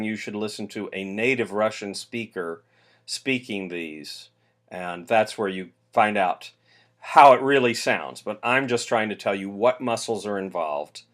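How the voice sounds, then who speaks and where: An American man teaching singers diction, speaking in a relaxed way with fillers and demonstrating consonant sounds aloud. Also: lowish voice. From United States. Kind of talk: explaining singing diction.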